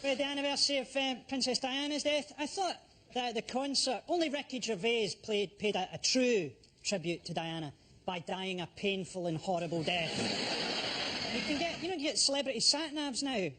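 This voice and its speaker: A man delivering crude, deadpan stand-up one-liners. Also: very high-pitched, moderate pace. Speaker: comedian. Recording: loud audience noise behind.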